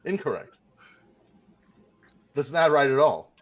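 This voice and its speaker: A man's voice: mid-range voice, animated, fairly quick, fairly bright tone. A man co-hosting a casual podcast, playfully arguing and emphatic. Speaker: podcast co-host and story writer. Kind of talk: casual banter.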